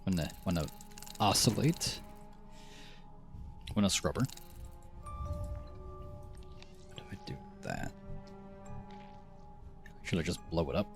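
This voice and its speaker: A man's voice: deep voice, animated, slow pace, vocal fry, long pauses, soft background music. A man streaming a game, reading its descriptions aloud and thinking to himself. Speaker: streamer reading a game's text. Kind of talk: casual gameplay narration.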